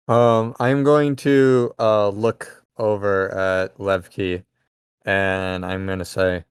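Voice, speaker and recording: Male tabletop player, low smooth voice, slow and deliberate delivery, dry sound. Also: flat delivery, no room sound. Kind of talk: playing a tabletop game.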